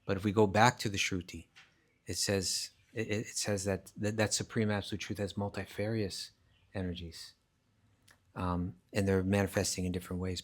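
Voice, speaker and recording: A man teaching a live scripture class, explaining emphatically, restarting phrases often and reciting verses in Sanskrit. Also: fairly low pitch. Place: class at a rural retreat centre.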